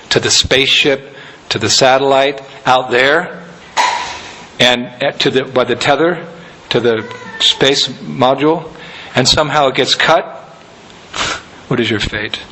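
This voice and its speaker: Brief: male spiritual teacher, relaxed anecdotal sermon, soft chuckles, faint noise behind. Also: medium pitch, a little slow, low-quality recording. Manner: conversational, anecdotal, with soft laughs.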